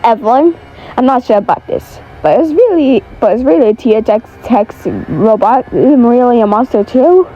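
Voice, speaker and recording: A woman's voice: a little high, expressive, normal speed, warm tone, muffled recording, soft background music, close to an everyday voice. A woman voicing a worried, hesitant young animal sidekick in a homemade story.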